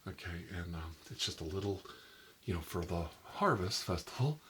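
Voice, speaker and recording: A man as a nervous doctor talks low and soft in an ASMR role-play. He rambles through his instructions, leaning on "like" and "you know." A faint hiss sits under the recording. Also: animated, normal speed. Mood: uneasy. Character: nervous rambling male doctor examining a vampire. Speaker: doctor examining a patient.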